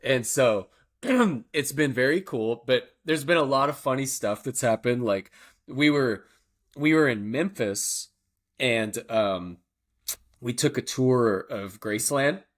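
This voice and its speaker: A man's voice: mid-range voice, slow. A touring guitarist, a man, telling stories in casual chat, rambling with lots of "like" and frequent laughter.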